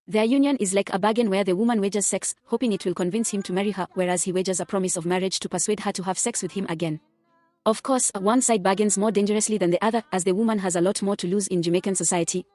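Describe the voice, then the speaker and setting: Woman student presenter, brisk formal reading of a literature paper. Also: mid-range voice, a little mellow.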